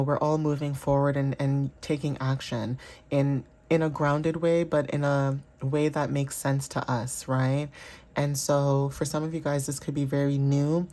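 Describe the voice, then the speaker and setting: A woman reads tarot for her audience in a casual, rambling way. Her voice sits low and sounds warm and mellow. She fills her talk with "you know" and often checks in with "okay?". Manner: chatty, filler-heavy, checks in with "okay?". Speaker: tarot reader. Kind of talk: casual intuitive tarot reading.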